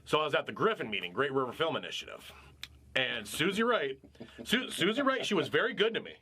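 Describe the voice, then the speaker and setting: A man co-hosting a casual podcast chat, telling a story in an animated, profane way. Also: a little high, brisk, breathy edge. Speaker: podcast co-host.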